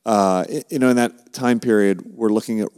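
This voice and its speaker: Low-voiced thoughtful man in a reverberant room. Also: a little mellow, clean tone. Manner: thoughtful, halting. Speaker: podcast host. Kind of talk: casual podcast conversation.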